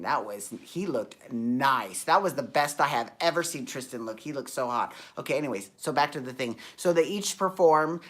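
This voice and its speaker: A woman's voice: rumbling low, a bit bright. A woman hosting a casual recap show, talking in a sassy, campy, gossipy way and often rambling and correcting herself.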